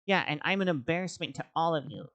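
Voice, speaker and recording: Brief: a woman playing a resentful self-taught witch, snappish and lowish. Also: lively intonation, fast, a little hiss or hum. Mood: bitter. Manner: sharp, resentful. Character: bitter, prickly young woman witch.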